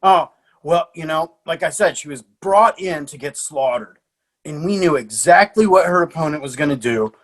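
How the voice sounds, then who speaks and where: Coach guest, male, higher-pitched, animated and laughing through his stories. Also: moderate pace. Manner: lively anecdotes with frequent laughs and fillers. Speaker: martial arts coach. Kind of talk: animated storytelling in a podcast interview.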